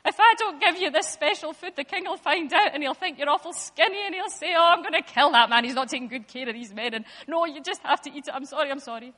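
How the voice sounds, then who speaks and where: A woman's voice: sits high, fast, few pauses, sharp tone. A woman voicing a worried, apologetic male palace guard as she retells a Bible story in an echoey hall. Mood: anxious.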